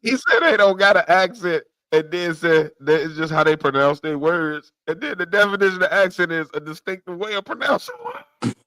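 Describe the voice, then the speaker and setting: A man's voice: sits high, moderate pace, no room sound. A man co-hosting a podcast in heated casual chat, speaking in a needling way and arguing point by point. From United States. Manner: needling, lively, argues on points. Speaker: podcast co-host.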